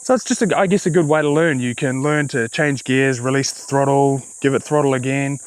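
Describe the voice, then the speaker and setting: A man with a New Zealand accent giving a relaxed, chatty review of a small motorbike, with fillers and self-corrections. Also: medium pitch, brisk, clear, resonant tone, poor audio. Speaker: vlogger. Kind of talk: casual vehicle review.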